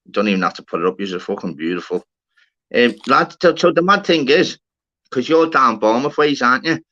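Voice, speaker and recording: A man's voice: mid-range voice, animated, a little fast, sharp tone, dull audio. A man hosting a live stream, telling stories animatedly in casual chat with plenty of swearing.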